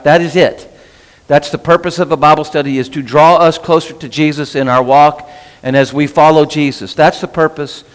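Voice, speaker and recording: A man leads a casual Bible class in a church meeting room, his voice on the high side and sounding like it's in a large hall. He's chatty, cuts off his own sentences, and asks "right?" often.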